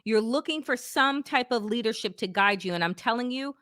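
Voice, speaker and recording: A middle-aged woman co-hosting a political podcast, talking fast and heated with blunt, fiery outrage and the odd curse. Her voice is bright and a touch high. The sound is dry and close, with no room around it. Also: lively intonation, no room sound. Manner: blunt, fiery, swears for emphasis. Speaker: podcast co-host.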